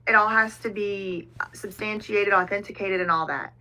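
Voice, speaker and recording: Bright-voiced woman doing reaction commentary. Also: mid-range voice, steady tone, normal speed, rough recording. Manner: conversational, reads documents aloud with frequent fillers. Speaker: reaction channel host.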